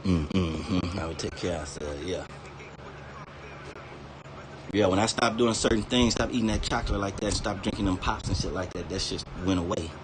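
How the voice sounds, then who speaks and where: A man with a low voice rants casually on a stream at a moderate pace, with background noise behind him. He swears constantly, laughs between lines now and then, and drifts freely from one topic to another in a rambling way.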